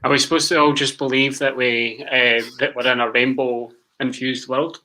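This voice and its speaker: A man's voice: mid-range voice, little pitch movement, normal speed, bright, forceful tone, low-quality recording. A man co-hosting a live football stream, making dry, sarcastic remarks in casual chat.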